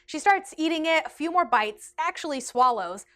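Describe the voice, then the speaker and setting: A chatty young woman recounts a story to her camera in a storytime vlog, seated indoors. Her voice sits a little high, and she talks in an animated, casual way, leaning on "like" as she goes. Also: normal speed. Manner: chatty and animated, heavy use of like. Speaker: vlogger. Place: indoors, seated in a rotating chair.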